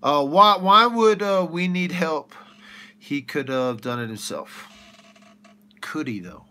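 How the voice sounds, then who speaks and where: A man hosting a livestream, ranting with rhetorical questions in an animated way. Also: on the high side, slow. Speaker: livestream host.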